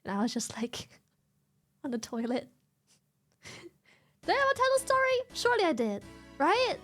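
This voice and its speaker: A woman streamer chatting casually, telling a story in an animated, profane way and laughing often. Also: sits high. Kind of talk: casual livestream chat.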